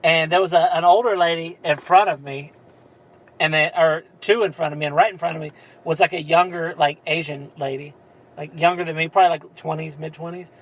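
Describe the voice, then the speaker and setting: A man's voice: fairly high pitch, steady tone, a little fast, low-quality recording. A man co-hosting a podcast, telling a rambling story in casual chat, laughing often and filling with "like" and "uh". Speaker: podcast co-host.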